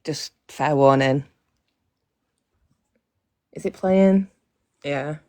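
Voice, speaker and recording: A woman's voice: deep voice, drawn-out words, warm tone, no room sound, clean studio sound. A woman hosting a casual livestream on a phone mic, blunt and profane, talking straight to her viewers. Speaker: livestream host.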